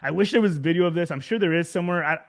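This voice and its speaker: His voice is a little high and his speech races along. A thirtysomething guest musician from Southern California, he's being interviewed casually and rambles with lots of fillers, restarts, and frequent laughs.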